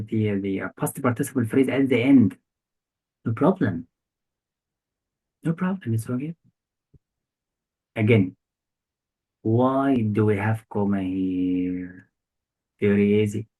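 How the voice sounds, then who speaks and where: A man's fairly low, dark, husky voice comes through a low-quality recording. He's an English test tutor running a one-on-one grammar session, testing his student with short questions he repeats, in non-native phrasing.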